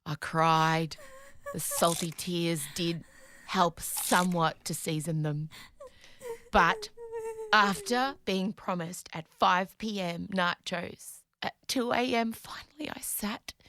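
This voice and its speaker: A woman, hosting a podcast and retelling a story in an animated, dramatic way with some swearing. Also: fairly low pitch, takes it slowly, slight background noise. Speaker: podcast host. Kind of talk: comedic storytelling.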